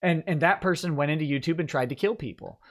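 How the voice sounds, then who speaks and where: A man's voice: on the high side, a bit bright. Wry male live-stream host. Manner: halting, lots of fillers and restarts, wry jokes.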